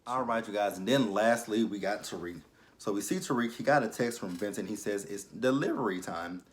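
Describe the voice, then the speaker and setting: A man's voice: on the low side, fairly quick. A young adult man casually recapping a TV episode for his vlog, chatty and full of fillers, breaking into exaggerated reactions. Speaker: TV episode reviewer.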